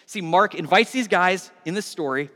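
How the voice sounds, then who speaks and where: A man in his forties delivers a sermon in a bright, high-pitched voice. He drops to hushed tones, then climbs to loud, animated emphasis. The sound carries a long hall reverb, like a church sanctuary. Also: normal speed. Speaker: pastor.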